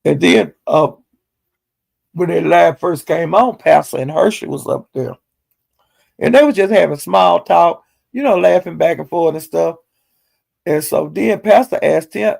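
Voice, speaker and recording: A man casually recapping a livestream as a story, animated and laughing often as he talks. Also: on the high side, a little slow, creaky. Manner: animated, laughs often, loose slangy talk.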